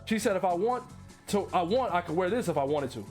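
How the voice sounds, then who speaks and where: Man with a very high voice, profane, incredulous reaction streamer, faint music underneath. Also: lively intonation, fairly quick, darkish tone. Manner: profane, incredulous, laughs often. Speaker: streamer reacting to online posts. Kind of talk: casual reaction commentary, reading posts aloud.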